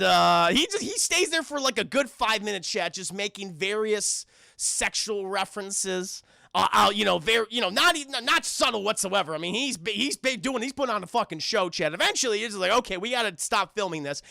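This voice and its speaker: A young man recapping a film on a casual live stream, talking straight to his chat, profane and animated. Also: high voice, normal speed, creaky, no echo, studio quality.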